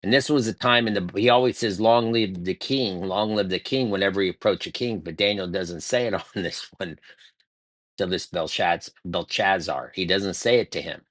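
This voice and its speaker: A man's voice: sits low, normal speed, fairly bright tone, dry recording. A man preaching in a casual devotional style, retelling a scripture story in slangy, conversational words with emphatic repetition.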